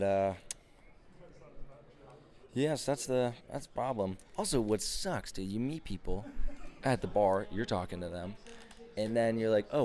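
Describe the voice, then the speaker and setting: His voice is warm and on the low side. He's a podcast host in his twenties delivering a casual comedic rant, rambling with lots of fillers and plenty of swearing.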